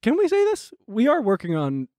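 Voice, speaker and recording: A man's voice: very high voice, wildly swooping pitch, normal speed, darkish tone, no room sound, clean studio sound. A man from New Jersey co-hosting a podcast, dropping wry asides and bits of trivia. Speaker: podcast co-host. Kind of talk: casual comedic chat.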